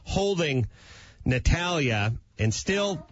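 A man, a talk show guest, telling a playful, self-mocking comic anecdote in a husky voice. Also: fairly high pitch, sing-song, takes it slowly, dry recording, muffled recording.

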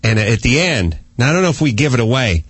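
A man's voice: medium pitch, big pitch swings, fast talker, husky, no echo. A man hosting a comedy radio show, telling stories theatrically and acting out scenes.

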